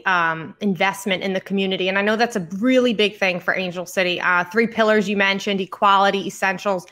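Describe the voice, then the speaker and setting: Woman interviewer, measured, ticking off points, mid pitch. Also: fairly bright tone.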